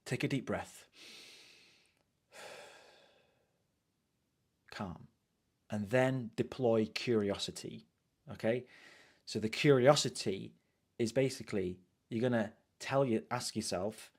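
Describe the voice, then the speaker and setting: A man's voice: lowish voice, moderate pace, pauses often, darkish tone, slightly rough. A man with a British accent giving a casual live coaching talk, conversational and repetitive, often saying "you know". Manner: conversational, repeats phrases, frequent "you know".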